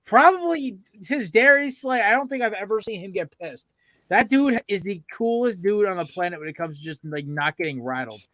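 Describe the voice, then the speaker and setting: A young man hosts a casual sports podcast, rambling and swearing with plenty of excitement. His voice sits a little high for a man, and the sound is close and dry. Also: normal speed, dry recording. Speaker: podcast host.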